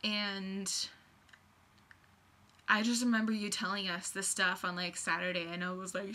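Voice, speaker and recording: Young woman rambling on her vlog, bright and gushy, keeps losing her train of thought. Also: medium pitch, normal speed. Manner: gushing, scattered, lots of fillers. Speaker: vlogger.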